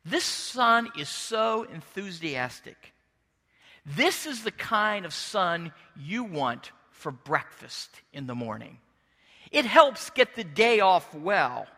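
A middle-aged male pastor preaching a sermon as an expressive storyteller who slips into character voices. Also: sits high, takes it slowly, big-room sound.

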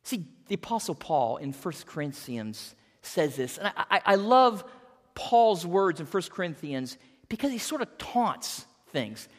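Animated preacher in a reverberant hall. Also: mid-range voice, unhurried. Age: 50s. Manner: earnest, animated preaching with repeated words. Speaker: pastor. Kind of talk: sermon.

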